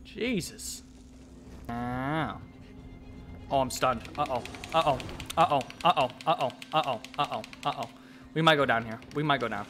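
A young man giving casual let's-play commentary, swearing and talking back to the monster, with sudden yells. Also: medium pitch, normal speed, pauses often, soft background music. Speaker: gameplay commentator.

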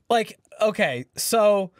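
A man's voice: sits high, no echo. A man joking around while co-playing a video game. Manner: jokey, animated. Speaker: gaming YouTuber. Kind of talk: let's play commentary.

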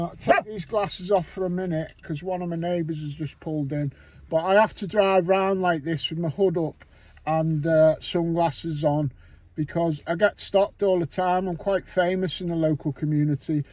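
A man's voice: fairly high pitch, darkish tone, no echo. A man with a Scouse accent talking casually to camera while driving, rambling and swearing a lot as he jokes with his viewers. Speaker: vlogger. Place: in a car, driving. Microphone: camera mounted on car window.

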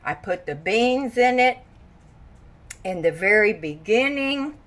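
Slow-talking older woman vlogger. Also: fairly high pitch, lively intonation, fairly bright tone. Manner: chatty, folksy, exclaiming often. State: tired. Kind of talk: casual chat to camera. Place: home kitchen.

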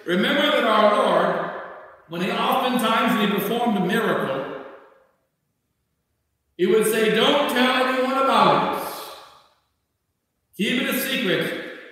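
A man preaching a sermon as a bishop, slow and emphatic, rising and dropping his voice. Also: sits high, a bit bright. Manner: slow, emphatic preaching with sudden rises and drops. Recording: echoey church from far off.

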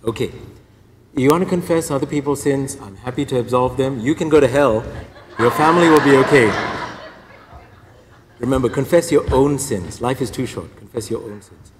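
Male priest, playful preaching style, mid pitch, reverberant hall. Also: moderate pace. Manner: lively, joking, acts out penitents. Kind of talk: humorous sermon. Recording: reverberant hall, faint noise.

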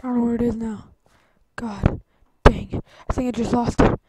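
A woman's voice: on the high side, level tone, normal speed, mellow, slightly rough, low-quality recording. Jumpy young woman narrating a game. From Canada. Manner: jittery, easily startled, rambling self-talk. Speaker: gaming YouTuber. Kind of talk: Minecraft let's-play commentary.

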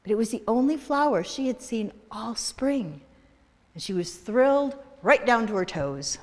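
A woman minister telling a story to her congregation, slow and deliberate. Her voice rises and falls with lively expression and rings with long reverb in a church hall. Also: a little high. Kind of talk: storytelling in a worship service. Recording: echoey hall.

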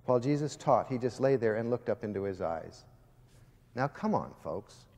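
A man's voice: mid-range voice, expressive, normal speed, a little mellow. A man giving an impassioned, preaching-style speech to students, telling stories and speaking directly to his listeners. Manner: emphatic, storytelling, addresses the audience directly. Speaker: guest speaker addressing students. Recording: long reverb of a large hall.

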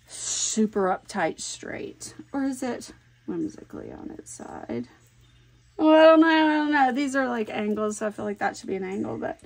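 A woman chatting casually while she works on a scrapbook layout at home. She is animated, thinks aloud and laughs often. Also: fairly high pitch, gravelly. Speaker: scrapbooking vlogger. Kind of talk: casual chat while crafting.

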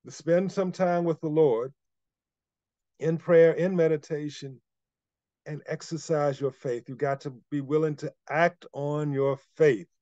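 A man's voice: fairly high pitch, fairly even intonation, unhurried, mellow, no room sound, lo-fi sound. A man preaching a sermon, emphatic and repeating key phrases for weight.

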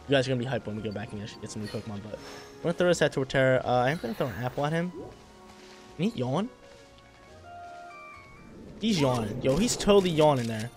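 A young man giving casual, excitable gameplay commentary full of slang, talking to the creatures on screen. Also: mid-range voice. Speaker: gaming channel host.

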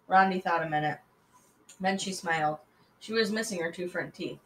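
A woman reading a children's chapter book aloud in a lively, expressive way. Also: on the low side, normal speed, a little hiss or hum, low-quality recording. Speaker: reader.

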